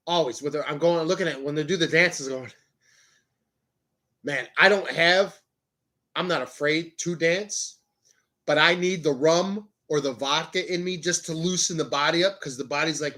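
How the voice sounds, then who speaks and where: A man hosting a motivational podcast, talking to the camera in a loud, high-energy, jokey way with plenty of swearing. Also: normal speed. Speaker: podcast host. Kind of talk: motivational casual talk.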